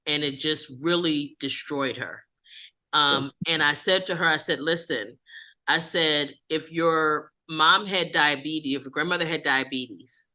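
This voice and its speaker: Bright-voiced man leading a support group. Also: fairly high pitch. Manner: encouraging, repeats and restarts phrases. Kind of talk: group facilitation.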